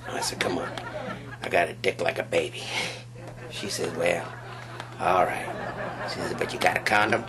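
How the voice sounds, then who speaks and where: A very low, gravelly male voice that drawls through a profane stand-up routine at an unhurried pace. The live recording carries plenty of noise behind him. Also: level tone. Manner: profane, drawling, rough-edged delivery. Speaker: stand-up comedian. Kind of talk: crude stand-up set. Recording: noisy live club recording.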